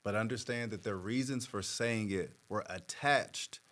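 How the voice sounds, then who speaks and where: Low-voiced man explaining patiently. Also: fairly bright tone. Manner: measured, explains patiently with many fillers. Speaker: therapist guest. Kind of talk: conversational explanation.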